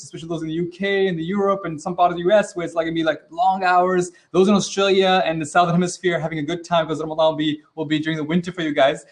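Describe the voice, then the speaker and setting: This man hosts and trains in an interactive online teaching webinar, his voice on the high side and his pace quick with few pauses. He talks casually and energetically, often mixing in Arabic religious phrases and acting out quoted reactions.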